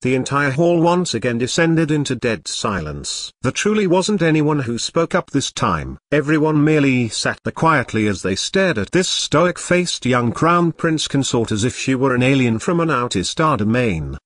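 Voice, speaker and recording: Dry, lively-pitched male audiobook narrator. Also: moderate pace, hardly any pauses, no echo. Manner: machine-like reading, reads symbols aloud.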